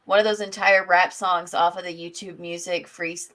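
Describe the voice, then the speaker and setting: A woman co-hosting a casual live-stream chat, sarcastic and quick to swear. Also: fairly low pitch, level tone, fairly bright tone.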